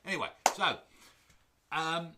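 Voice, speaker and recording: A man's voice: a little high, lively intonation, slow pace, very noisy. A man hosting a woodturning livestream from his workshop, chatting casually with viewers in a jokey, rambling way. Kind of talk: casual chat greeting live viewers. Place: home workshop.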